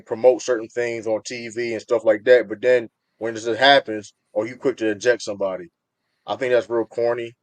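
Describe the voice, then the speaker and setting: A man's voice: mid-range voice, no room sound. A man hosting a heated sports debate podcast, cutting in and repeating himself to get the floor. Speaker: podcast host.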